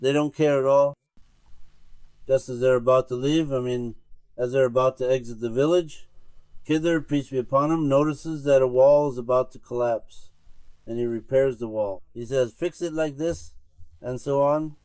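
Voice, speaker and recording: Male sheikh, sermon storyteller, middle pitch, dry close sound. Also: moderate pace, a little mellow, clear, resonant tone, no echo. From Turkey. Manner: retells a tale with many "he says" tags. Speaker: sheikh preaching to his circle.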